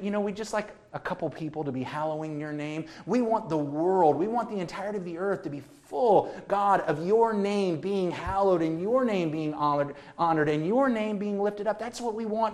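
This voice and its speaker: Preacher, sermon, emphatic, repetitive build, hushed to loud swings, mid pitch. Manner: emphatic, builds through repeated phrases.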